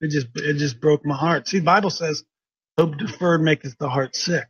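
A man's voice: on the high side, steady tone, moderate pace, fairly bright tone, slightly rough, dry recording. A man hosting a talk show, telling a story in an earnest, preachy way and repeating himself for emphasis. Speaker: radio talk show host. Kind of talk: casual storytelling. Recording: dull lo-fi sound.

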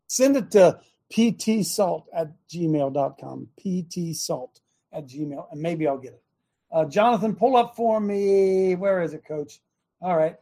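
A man's voice: sits high, mellow, breathy edge. Emphatic preachy male talk host. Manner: preachy, emphatic, repeats phrases for stress. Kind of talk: call-in religious talk show.

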